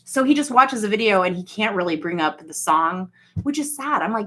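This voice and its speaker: A woman's voice: medium pitch, expressive, a little fast, fairly bright tone. A woman chatting casually on a livestream, rambling and swearing as she talks straight to her viewers. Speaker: livestream host.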